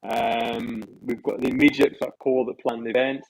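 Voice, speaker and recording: A man's voice: mid-range voice, level tone, normal speed, a little mellow, rough recording. A man chatting casually on a podcast about running an event, often repeating himself as he starts sentences. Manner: rambling, repeats words when starting sentences. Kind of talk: casual chat.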